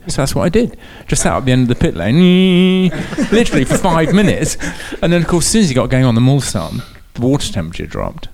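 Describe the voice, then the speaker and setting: Lively laughing male storyteller. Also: mid-range voice, brisk, creaky, a little hiss or hum. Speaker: guest racing driver. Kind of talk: comic anecdote telling.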